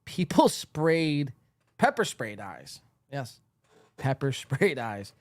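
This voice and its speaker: A man hosts a live podcast in a sing-song, medium-pitched voice, speaking slowly with no room sound. Worn out after a long stream, he rambles through casual commentary and laughs while reading the chat aloud.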